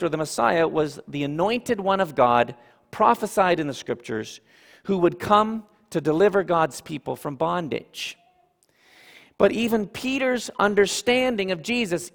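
A man preaching a sermon as pastor, emphatic and animated, with asides to the congregation. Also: high voice, gravelly. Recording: reverberant hall.

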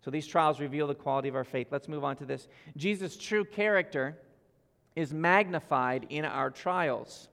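A man preaching a sermon as pastor, earnest and speaking straight to his congregation, swinging between loud emphasis and soft asides. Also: on the high side, normal speed, gravelly. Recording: long hall reverb.

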